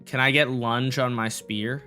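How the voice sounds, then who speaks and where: A man's voice: medium pitch, steady tone, unhurried, pushed and bright, faint music behind. A young man casually chatting and joking with his live-stream chat while building in a block game, rambling and goofy.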